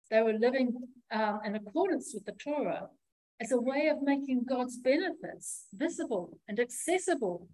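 A woman preacher giving a sermon in a measured, reflective teaching manner, pausing often as she explains. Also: fairly high pitch, darkish tone, no echo, low-quality recording.

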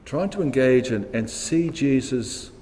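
A man's voice: mid-range voice, expressive, unhurried, mellow, in a large hall. A man, preaching a sermon in a reflective, questioning way, repeating words for emphasis. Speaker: pastor.

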